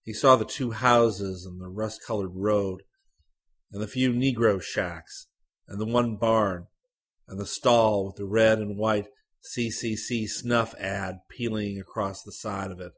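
A man narrates a literary short story in a low voice with a husky, breathy texture. His delivery is measured and even, with a slight drop for the dialogue tags.

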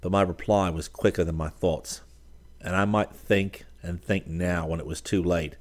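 A man narrating a first-person story in a measured, dramatic reading. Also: low voice, steady tone. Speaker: audiobook narrator.

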